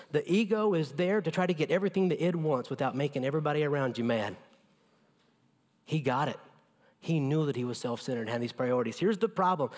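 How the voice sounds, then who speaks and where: A male pastor preaching a sermon with emphatic delivery that drops to a hushed near-whisper in tender moments. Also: high voice, in a large hall. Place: church sanctuary.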